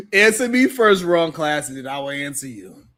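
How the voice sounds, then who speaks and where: A high-voiced man hosts a livestream morning talk show. He talks slowly, drawing out his words and breaking into laughter as he teases people, with loud exclamations here and there. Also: sing-song. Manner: teasing, laughs often between lines.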